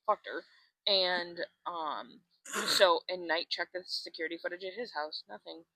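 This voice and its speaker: Woman co-host, casual storyteller, crisp bright voice, dry close recording. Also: on the low side, steady tone, measured pace, no echo. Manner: breathless retelling full of "like", swears freely. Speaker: podcast co-host. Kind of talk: casual chat.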